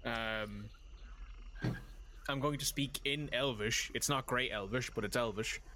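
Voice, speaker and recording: A man voicing his turns as a player in a tabletop role-playing game. He talks casually and pauses often on ums and uhs. A clear hiss sits under his voice. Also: medium pitch, sharp tone.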